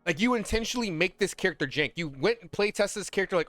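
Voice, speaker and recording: Fired-up man with a high voice. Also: fast talker, no echo, faint music behind. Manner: animated, heated, slangy, swears freely. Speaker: gaming content creator. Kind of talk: casual ranting commentary.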